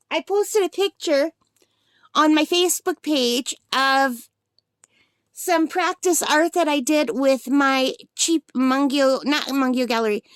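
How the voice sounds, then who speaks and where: 60 yr old lady gushing over a gift unboxing, high voice, close dry mic. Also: dry recording. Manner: gushing, breathless excitement, many exclamations. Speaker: art supply vlogger. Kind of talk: excited unboxing vlog.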